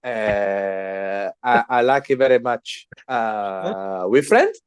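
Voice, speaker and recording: A man's voice: on the low side, expressive, slow pace, clear, resonant tone, no room sound, studio quality, voice pushed down. A man putting on a cheerful adult male kebab-shop worker with a Turkish accent and broken English. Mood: cheery. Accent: put-on Turkish. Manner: loud, sing-song, friendly broken English.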